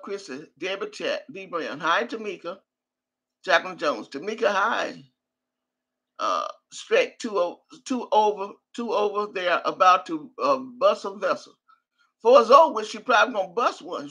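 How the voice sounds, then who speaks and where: A woman's voice: mid-range voice, a bit bright, slightly rough. An older woman on a live stream, cursing and trash-talking while she reads out viewer names. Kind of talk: profane live-stream rant.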